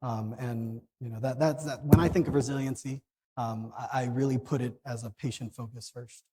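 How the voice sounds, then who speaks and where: A man's voice: mid-range voice, steady tone, normal speed, mellow. A man answering on a conference panel, earnest and restarting his sentences often. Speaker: conference panelist in pharma supply chain.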